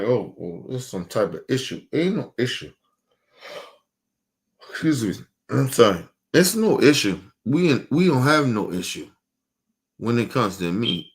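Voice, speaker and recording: Streaming live, a man unloads a swearing, emotional outburst, firing the same heated questions repeatedly. At times his words fade into low mutters.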